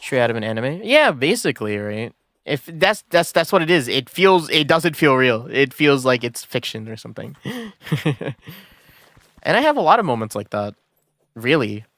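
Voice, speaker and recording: A man's voice: mid-range voice, big pitch swings, moderate pace, a bit bright, no echo. A man streaming a game, telling a story in a casual, rambling way with many fillers and restarts. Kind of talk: casual storytelling while gaming.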